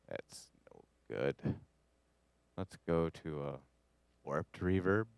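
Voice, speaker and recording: A man from Canada teaches a live studio class on music production, with a very low voice. He rambles and cracks jokes while he edits, and the sound is dry and close. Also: takes it slowly, pauses often, darkish tone, clean tone, dry recording. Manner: rambling, jokey, talks to the audio as he edits.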